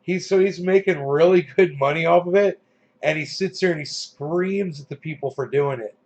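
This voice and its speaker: A man hosts his channel in a loose, rambling chat, peppering his talk with curses and "um"s. His voice sits a bit high, and the recording sounds muffled and lo-fi. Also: normal speed. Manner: loose, profane, full of fillers. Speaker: channel host. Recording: dull lo-fi sound.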